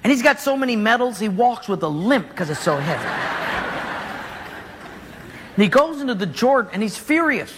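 A man preaches with a bright, high voice that leaps around in pitch, joking and acting out scenes as he goes. His voice rings through a large hall with a long reverb. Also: fast talker, noisy background. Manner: animated, jokey, acts out scenes. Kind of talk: sermon storytelling.

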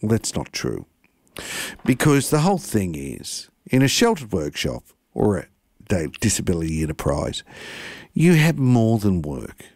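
A man's voice: on the low side, wildly swooping pitch, unhurried, a little mellow, no room sound, studio quality. A man with an Australian accent hosting a community radio talk show, stumbling over words and laughing at himself. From Tasmania, Australia. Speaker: radio host.

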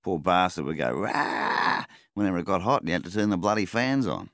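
A man's voice: low voice, expressive, fast talker, a bit bright, no room sound, studio quality, pitched above the performer's own voice. A man voicing a blunt, joking middle-aged father telling a yarn in an audiobook. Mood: wry.

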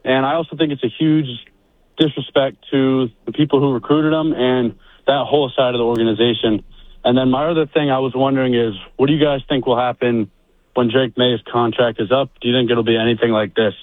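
A man's voice: medium pitch, steady tone, brisk, no room sound. A man calling in to a sports radio show, giving strong, emphatic opinions. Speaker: caller. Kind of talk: call-in radio. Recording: phone line.

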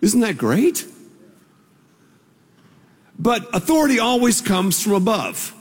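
A male preacher delivering a sermon in a slow, lively voice that rises and falls with emphasis. His tone is a little husky, and his words ring out with the long reverb of a big hall. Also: high voice. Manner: emphatic, drawn-out phrasing that swells to shouts.

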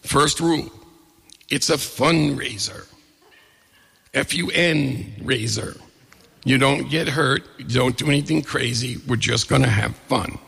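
Gravelly, husky man telling a story in an echoey hall. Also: mid-range voice, normal speed. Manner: lively storyteller who acts out the other people in his story. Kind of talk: live storytelling.

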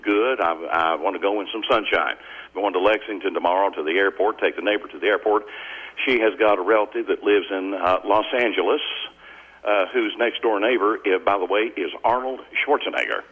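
An older man from Tennessee with a Southern accent and a deep, resonant radio voice, chatting folksily as a caller on a morning radio show and giving rambling, detailed directions. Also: a little fast, breathy edge, narrow, tinny audio. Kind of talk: casual radio call-in chat.

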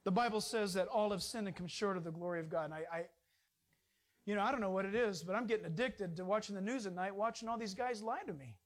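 High-voiced folksy male preacher. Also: a little fast. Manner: folksy, jokey, swings from loud to hushed. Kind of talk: informal sermon.

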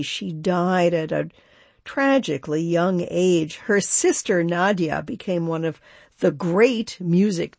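A woman hosting a classical music radio show, introducing pieces in a relaxed, chatty way that corrects itself now and then. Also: lowish voice, gravelly, husky, no room sound, clean studio sound. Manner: relaxed, chatty, self-correcting with small laughs.

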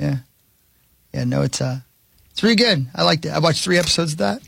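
A man with a gravelly, husky voice sits a touch higher than most men. He talks sports in a loose, folksy, rambling way. The sound is close and dry, with no room around it. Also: animated, a little fast, fairly bright tone, no room sound. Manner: folksy, rambling, plain-spoken. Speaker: sports talk show host. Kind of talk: casual sports chat.

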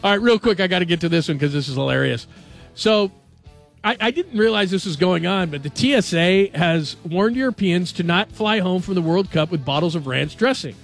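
A male sports radio host in a radio studio, talking in a chatty, animated and jokey way. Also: high voice, fairly quick, creaky, soft background music. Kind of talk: casual sports talk.

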